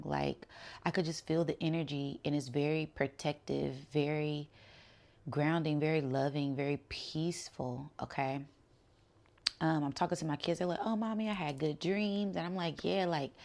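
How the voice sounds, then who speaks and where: Young woman, deep voice with some fry, chatty and easygoing, lots of um and like. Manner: relaxed and chatty, many fillers like "um" and "like". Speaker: spiritual channel host. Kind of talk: casual spiritual storytelling.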